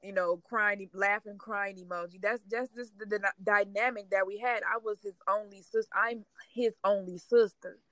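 Woman choking back tears, halting talk, dry close sound. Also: mid-range voice, fairly even intonation, a bit bright, no room sound, poor audio. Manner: halting, tearful, trying not to cry. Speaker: grieving sister sharing her story. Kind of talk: emotional casual conversation.

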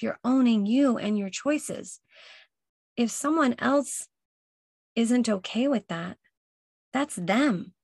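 A woman delivers a motivational talk at a slow, deliberate pace, leaning on each phrase and repeating her key lines. Her voice sits in a middle register, recorded dry and close with no room sound. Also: medium pitch, no echo. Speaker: podcast host. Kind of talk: motivational self-help talk.

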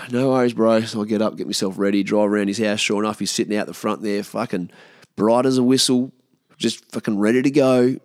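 A man's voice: lowish voice, steady tone, a little fast, a little mellow, no room sound, clean studio sound. A man in his thirties with an Australian accent, telling stories from his past in a casual, laid-back way, swearing freely and often trailing off. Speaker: podcast host. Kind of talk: casual storytelling monologue.

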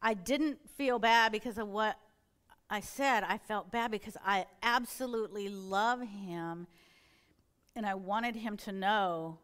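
A woman's voice: medium pitch, takes it slowly, fairly bright tone. A middle-aged woman, a church elder, giving an earnest sermon-style testimony and acting out her own inner dialogue as she tells her story.

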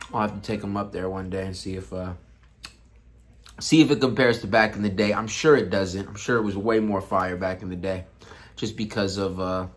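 A young man hosting a casual food vlog, talking loosely and excitedly to his viewers in slang. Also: on the low side. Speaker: podcast host. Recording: music playing behind.

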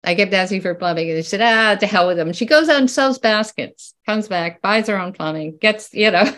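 An older woman guest on an interview, talking in a lively, loose way. She laughs often, trails off and restarts, and leans on "you know" as she thinks aloud. Her voice sits at a middling pitch. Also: brisk. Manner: animated, laughs often, many restarts and fillers. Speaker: guest, researcher. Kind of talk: casual conversational interview.

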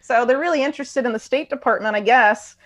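A woman chatting on a podcast, talking quickly and loosely with lots of fillers, restarts and slang. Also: a little high, a bit bright. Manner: rapid, loose talk with many fillers and restarts. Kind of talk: casual conversation.

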